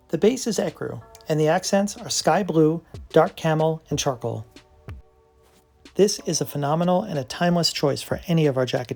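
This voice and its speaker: Brand presenter for scripted product narration: gravelly texture at a mid pitch, openly enthusiastic, faint music underneath. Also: darkish tone. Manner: enthusiastic, admiring.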